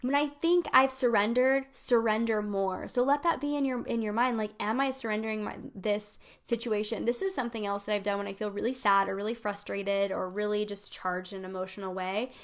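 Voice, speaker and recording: A woman's voice: medium pitch, fairly even intonation, a little fast, few pauses. A woman in her thirties giving a casual live card reading, affectionate and upbeat, calling her viewers sweet friends. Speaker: spiritual coach hosting weekly card pulls.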